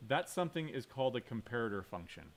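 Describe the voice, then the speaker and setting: A man's voice: medium pitch, very animated, fast, slight background noise. Man lecturing while live-coding. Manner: thinks aloud, asks the class questions, self-corrects. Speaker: computer science lecturer.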